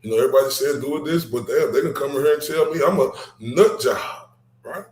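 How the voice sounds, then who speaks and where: A man from Dallas, hosting a casual livestream chat, animated and laughing, ending points with "right?". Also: medium pitch, fairly quick, roomy sound. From Dallas, Texas. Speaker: livestream host.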